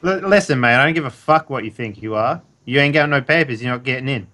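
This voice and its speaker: A man speaking in character at a tabletop game as a security guard, gruff and blunt. His voice is bright and forward, at a middle pitch. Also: fast talker. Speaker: player. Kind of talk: in-character tabletop role-play.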